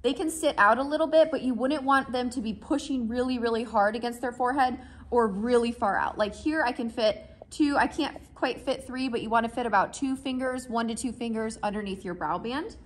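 A woman's voice: on the high side, a little fast, hardly any pauses. A woman vlogging at a horse farm, explaining step by step in a friendly, casual way and checking in with her viewers as she goes. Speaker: horse owner and rider. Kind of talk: casual instructional vlog.

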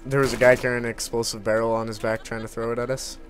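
A man's voice: mid-range voice, flat delivery, quick pace, faint music behind. A man chatting easily while playing a co-op video game, with frequent uh's and hedges. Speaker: gameplay co-commentator. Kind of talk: casual co-op game commentary.

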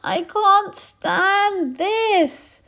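A woman voicing a tired, fed-up male father bear for a storybook, groaning her complaints slowly and drawn out. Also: extremely high pitch, expressive, a bit bright, pitched above the performer's own voice, exaggerated voice. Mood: exasperated. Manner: slow, drawn-out exasperated groans.

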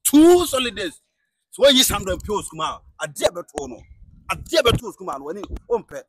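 Guy doing a whiny dude repeating his gripe nonstop, high raspy voice. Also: big pitch swings, brisk, pushed and bright, no echo, exaggerated voice. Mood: complaining. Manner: whiny, repeats the same complaint over and over.

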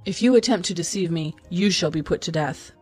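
A woman's voice: fairly low pitch, brisk, darkish tone, faint music behind, natural voice. A woman reading the lines of a stern, proud old king in a storybook, commanding in tone. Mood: angry.

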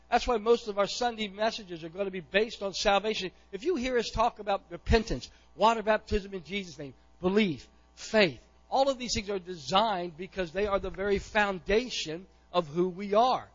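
A middle-aged male pastor preaching a sermon, impassioned, often pushing to near-shouts and repeating words as he goes. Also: high voice, highs cut off.

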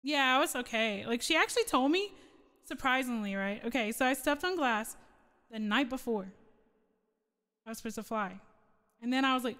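A woman's voice: on the high side, normal speed, fairly bright tone, smooth, in a large hall. A woman streamer chatting casually with viewers between song requests, rambling and laughing often. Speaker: streamer and singer.

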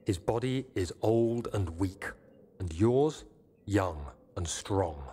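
An actor playing a man's recorded note voice, grave and urgent, with a solemn, measured reading. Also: fairly low pitch, animated, warm tone, slight background noise. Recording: long reverb with music behind.

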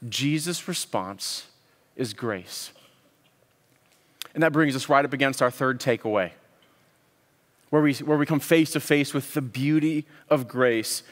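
A man's voice: a little high, a bit bright. Earnest man preaching in a reverberant hall. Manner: earnest, with frequent word repeats and pauses. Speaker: pastor. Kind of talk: sermon.

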